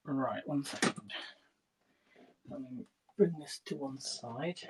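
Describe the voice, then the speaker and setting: In his home kitchen, a man in his thirties livestreams himself cooking and chats casually with viewers. His mid-range voice is animated, but he takes it slowly. Heavy background noise from kitchen clatter and clicks comes through the phone mic.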